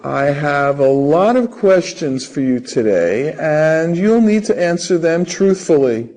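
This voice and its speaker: A man's voice: fairly high pitch, animated, slow pace, darkish tone, soft background music. A man playing a formal, businesslike officer who questions an applicant in a citizenship interview. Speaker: interviewer in a practice dialogue.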